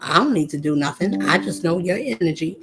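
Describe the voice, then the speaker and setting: A woman's voice: on the low side, lively intonation, brisk, noisy background. A woman vlogger giving a confrontational spiritual monologue, speaking straight at her listeners. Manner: confrontational, preachy, addresses listeners directly.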